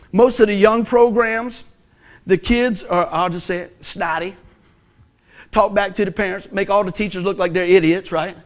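A middle-aged man preaching a sermon as pastor, animated and joking, telling stories and acting out voices. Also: high voice. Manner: animated, joking storyteller who acts out voices.

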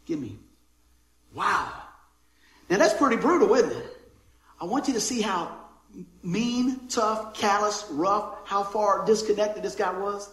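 Casting: male pastor, high voice, informal folksy sermon, roomy echoing church hall. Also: a little slow, a bit bright. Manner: folksy, keeps asking the congregation "amen?" and "right?". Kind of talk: conversational sermon.

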